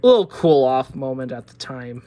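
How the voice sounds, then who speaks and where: A woman with a Pittsburgh accent giving a profane, exasperated product review, sliding from low muttering into loud outbursts. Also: very animated, normal speed. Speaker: diecast collector reviewer.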